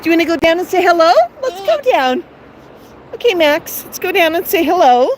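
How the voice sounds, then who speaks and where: A woman's voice: very high voice, lively intonation, a little fast, slight background noise. A middle-aged woman hosting a live-streamed walk outdoors, talking in a coaxing, sing-song way to her pet bird. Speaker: bird owner and host. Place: outdoors in a residential neighborhood.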